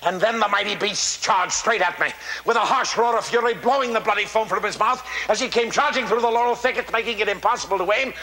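A man's voice: high-pitched, fast, pushed and bright, roomy sound, low-quality recording. An actor playing a hearty, exuberant older statesman who tells hunting stories in a theatrical monologue, chuckling and relishing every word. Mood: breathless, dramatic. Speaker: actor in a one-man stage show.

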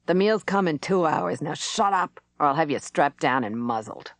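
Lady reading as a grumpy growly guard guy, low voice, dead dry booth sound. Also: moderate pace, dry recording. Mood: surly. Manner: growling, surly. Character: gruff middle-aged male prison guard.

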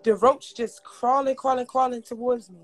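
A woman's voice: fairly high pitch, moderate pace. A woman telling a long, profane story in casual chat, repeating words for effect. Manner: animated, profane, repetitive storytelling. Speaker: storyteller on a livestream.

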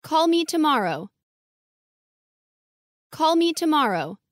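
High, lively woman reading slowly. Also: dry recording, studio quality. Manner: clear, careful enunciation, each phrase said twice. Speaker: English model reader. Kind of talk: slow repeated phrase reading for learners.

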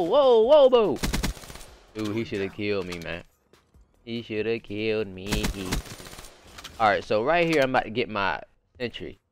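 A young male gaming host talks through his match in a casual, slangy way. His pitch swings widely as he repeats himself and lets out sudden excited yelps. Loud game music plays under the commentary.

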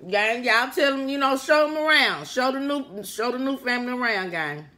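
A young woman chatting loudly and playfully to her viewers while eating a meal on mic. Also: sits high, animated, normal speed. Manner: chatty, loud and playful, talks to viewers as friends; eats on mic between remarks, with mouth sounds. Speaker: food vlogger. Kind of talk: casual mukbang eating vlog.

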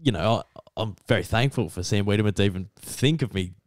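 A man's voice: lowish voice, quick pace, no echo, clean studio sound. A young Australian man on a casual podcast, telling stories eagerly with lots of fillers and restarts. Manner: excitable storyteller, many fillers and restarts. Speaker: podcast co-host.

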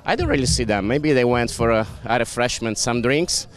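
A man's voice: mid-range voice, lively intonation, a little fast, a crowd in the background. A man reporting live from a powerboat race paddock, chatting with many fillers as he interviews racers. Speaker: pit-lane reporter.

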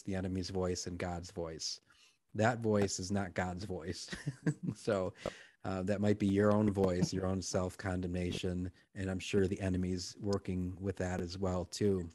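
A man who is a priest, hosting a live prayer program over a video call and answering participants in a gentle, affirming, reflective way. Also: sits low, level tone, measured pace. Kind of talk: pastoral conversation.

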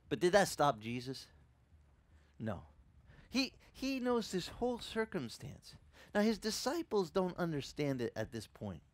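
A Hawaiian-accented pastor with a high voice preaches a sermon in a space with no room sound. Animated, he acts out voices, jokes with his congregation, and makes asides to them.

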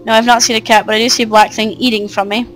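A woman voicing a sad, gentle talking tree, reading its game dialogue aloud in a plaintive way. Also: fairly high pitch, flat delivery, rapid-fire, soft background music, lightly acted, low-quality recording. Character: sad talking tree haunted by a dark creature.

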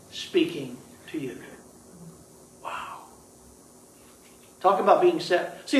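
High-voiced preacher in an echoey room. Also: male voice, creaky, far from the mic. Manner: lively, prompts the congregation to answer, joking asides. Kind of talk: sermon with call-and-response.

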